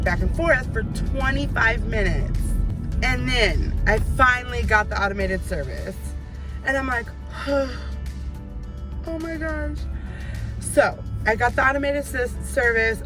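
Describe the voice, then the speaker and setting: A woman in her thirties, a vlogger, telling a story in an animated, ranting way with casual chat. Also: mid-range voice.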